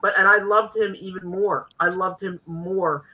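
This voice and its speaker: A woman hosting a podcast, telling lively stories in casual chat and laughing often. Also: medium pitch, moderate pace, lo-fi sound. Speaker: podcast host.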